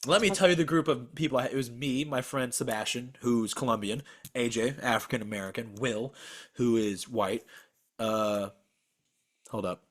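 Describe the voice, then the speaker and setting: A man's voice: medium pitch, steady tone, moderate pace. A young man co-hosting a podcast over a video call, telling a story as a profane, exasperated rant. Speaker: podcast co-host.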